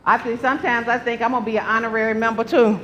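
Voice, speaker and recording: A woman's voice: on the high side, little pitch movement, quick pace, muffled recording. Emotional alderwoman calling out names. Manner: warm, emotional, calls out names. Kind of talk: acknowledgements at a council meeting. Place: large council chamber with a crowd. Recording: faint crowd and noise.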